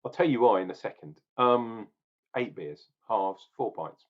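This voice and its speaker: A man's voice: lowish voice, lively intonation, measured pace. A man rambling chattily in a casual beer review vlog, often correcting himself mid-sentence. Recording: dull lo-fi recording.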